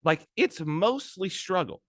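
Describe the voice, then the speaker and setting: Animated man telling stories, lively pitch. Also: takes it slowly, dry recording, studio quality. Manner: animated storyteller who acts out other people's speech. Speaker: podcast guest. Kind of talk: casual conversation.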